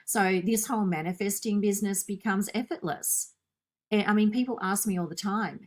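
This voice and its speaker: A woman's voice: mid-range voice, unhurried. A woman hosting a podcast, talking earnestly in long, flowing turns with repeated phrases. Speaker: podcast host. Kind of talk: casual conversational interview.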